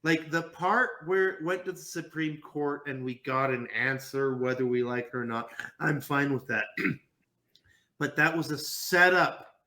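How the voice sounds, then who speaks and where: A young man co-hosting a casual podcast panel, ranting in an animated way, swearing and mock-quoting the people he argues against. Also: fairly high pitch, measured pace. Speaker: podcast co-host.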